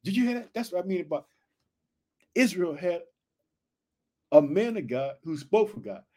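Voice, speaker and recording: A man preaching with high energy, reading Bible verses aloud and riffing on them, repeating his catchphrases and questions to listeners. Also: big pitch swings, moderate pace, darkish tone. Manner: reads verses aloud then riffs on them. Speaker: preacher teaching scripture.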